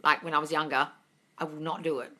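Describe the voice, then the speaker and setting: A woman's voice: deep voice, fairly even intonation, fast, sharp tone. A woman hosting a livestream Q&A, answering viewer questions in a blunt, profane, exasperated way and calling listeners darling.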